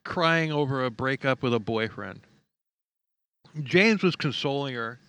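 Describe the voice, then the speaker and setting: A man's voice: mid-range voice, animated, a little slow, sharp tone, clean tone, dry recording. A man co-hosting a true-crime podcast, telling the story casually with jokes and sarcastic asides and laughing often. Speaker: podcast co-host.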